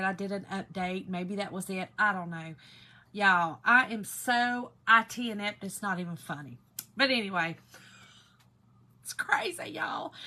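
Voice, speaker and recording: A woman from Georgia with a Southern accent hosting a craft live stream in a hoarse, raspy voice, chatting and greeting viewers by name. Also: medium pitch, bright, forceful tone. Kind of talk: casual live-stream chat.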